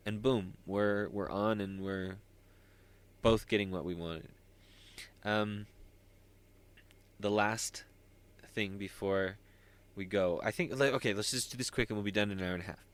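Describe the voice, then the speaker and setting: A man's voice: fairly low pitch, steady tone, unhurried, pauses often, clean tone. A man hosting a solo podcast, talking in a rambling, self-interrupting way with wry asides. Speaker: podcast host.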